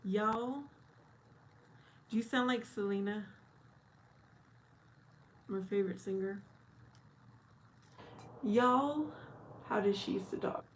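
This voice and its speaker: A woman's voice: medium pitch, fairly even intonation, normal speed, long pauses, a little hiss or hum, low-quality recording. A woman live streaming in casual chat, reading viewer comments aloud and answering them. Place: outdoors at night.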